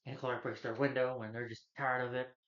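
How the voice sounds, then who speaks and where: A man's voice: medium pitch, little pitch movement, fairly quick, fairly bright tone. A young man casually recapping a movie, rambling with lots of "you know" fillers. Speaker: movie reviewer. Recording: slightly dull lo-fi recording.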